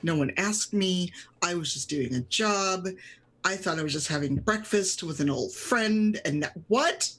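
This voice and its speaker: A woman's voice: on the low side, animated, a little slow, a bit bright. A woman voicing a flustered male elf warrior in a tabletop game, stammering in disbelief. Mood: baffled.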